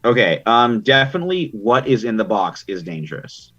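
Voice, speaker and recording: A man's voice: on the low side, very animated, normal speed, bright, forceful tone, muffled recording, faint music behind. A man narrating a tabletop game as game master, chatty and loose, with many ums and likes.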